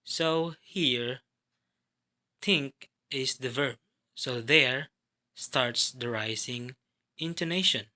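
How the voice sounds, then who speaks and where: A man presenting a lesson on English intonation patterns, explaining each step slowly and carefully. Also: medium pitch, pushed and bright. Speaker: student presenter.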